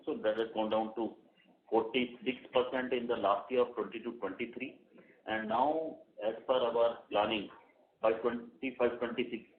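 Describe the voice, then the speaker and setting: Man, low voice, explains figures on a call, self-correcting; phone-line sound. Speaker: company executive on earnings call.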